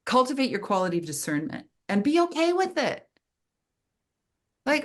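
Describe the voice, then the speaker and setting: A middle-aged woman giving a webinar talk on trauma healing, gently acting out inner voices in quotes. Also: sits high, sing-song, moderate pace.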